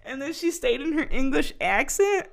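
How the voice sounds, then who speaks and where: A young woman co-hosting a casual podcast, chatty, full of fillers and quick laughs. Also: sits high, sing-song, creaky. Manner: chatty, laughs often, many fillers and restarts. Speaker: podcast co-host. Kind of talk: casual chat.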